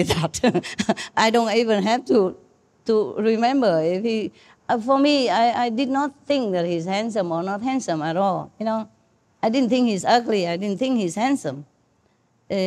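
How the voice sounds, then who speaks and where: An older woman telling a personal story to disciples in casual chat over a meal, laughing often and speaking with many fillers. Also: medium pitch. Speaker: spiritual teacher. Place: meal gathering with listeners.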